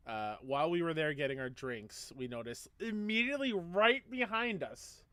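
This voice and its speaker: A man co-hosting a gaming podcast, calmly setting the scene of a story in a casual way. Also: on the high side, normal speed, clear, resonant tone, dry recording. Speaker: podcast co-host. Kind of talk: casual chat.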